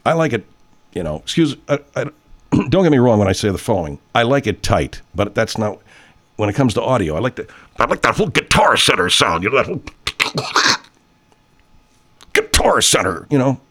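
A man in his sixties hosting a live stream, rambling in profane, animated casual chat. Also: mid-range voice, normal speed, long pauses.

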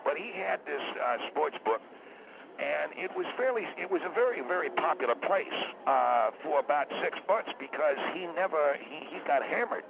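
Man calling a radio show, gravelly, hesitant, tinny phone line, hiss. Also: a little high, animated, moderate pace. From Las Vegas. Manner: hesitant, many restarts. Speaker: caller.

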